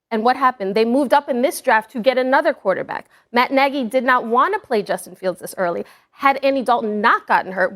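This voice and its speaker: Female sports analyst, a touch high-voiced, firm and emphatic. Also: a bit bright. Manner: firm, emphatic, deliberate points. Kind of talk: sports debate.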